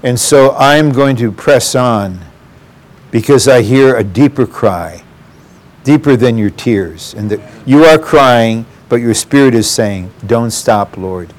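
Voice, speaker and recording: A man's voice: mid-range voice, takes it slowly. A man preaching a sermon, earnest and addressing the congregation directly.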